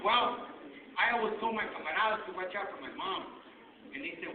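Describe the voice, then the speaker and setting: Man storyteller, high pitched, animated, heard from far off in an echoey hall. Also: a little fast, long pauses. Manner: animated, mixing in Spanish slang. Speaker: guest speaker telling stories. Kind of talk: humorous personal storytelling. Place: school hall. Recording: far-off, echoey, tinny with noise.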